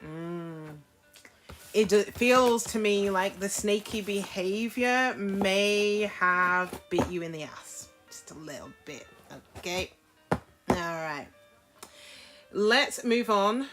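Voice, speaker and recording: A woman's voice: mid-range voice, extremely slow, long pauses, a bit bright, soft background music. A woman giving a casual tarot reading to camera, frank and chatty, often checking in with her listeners. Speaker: tarot reader.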